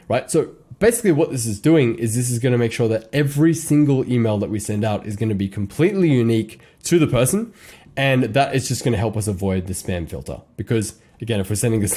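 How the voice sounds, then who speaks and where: A young man coaching on copywriting in a casual, animated way, with slang and short laughs between points. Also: mid-range voice. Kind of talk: casual teaching monologue.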